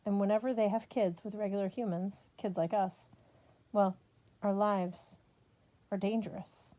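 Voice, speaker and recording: A woman voicing a tough, blunt teenage girl warrior who talks in a forceful way. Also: mid-range voice, steady tone, measured pace, dull audio, close to an everyday voice. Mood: earnest.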